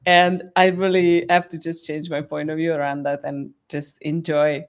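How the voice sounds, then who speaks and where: A woman's voice: deep voice, level tone, moderate pace. A woman hosting a casual live chat, talking candidly with frequent laughs and restarts. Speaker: host.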